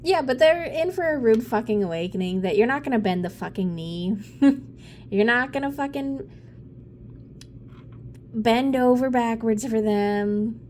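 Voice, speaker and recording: Woman tarot reader, unhurried, blunt, foul-mouthed, loose and rambling. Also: on the high side, expressive, a little mellow, a little hiss or hum. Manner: blunt, profane and rambling, with frequent laughs and sighs. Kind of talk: casual off-the-cuff reading.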